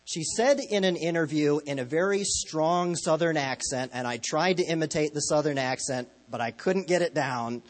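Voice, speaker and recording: A man's voice: a little high, moderate pace, few pauses. A man preaching a sermon as a pastor, telling stories in a conversational, lightly humorous way.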